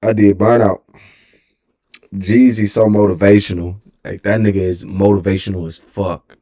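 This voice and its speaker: Streamer, Texan man, twenties, deep gravelly voice, loose profane storytelling. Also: little pitch movement, moderate pace, dark tone. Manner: rambling and profane, with frequent self-corrections. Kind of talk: casual storytelling.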